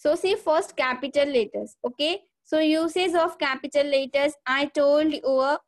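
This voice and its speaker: A woman with a high voice teaches a grammar lesson at a normal pace, working through it step by step. She keeps saying "okay" and "see here" over and over.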